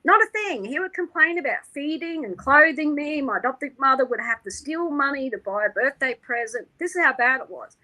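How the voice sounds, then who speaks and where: A woman, an interview guest, tells a personal story in an animated way, laughing often and acting out the people she quotes. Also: high-pitched, brisk, hardly any pauses, low-quality recording.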